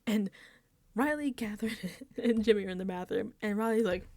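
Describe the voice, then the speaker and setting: A woman's voice: medium pitch, a little fast, darkish tone, no room sound. Chatty woman recapping, dry close sound. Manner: chatty, laughs often, drops into whispered asides. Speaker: reality TV recap vlogger. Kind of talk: casual recap and reaction. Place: indoors, home setup.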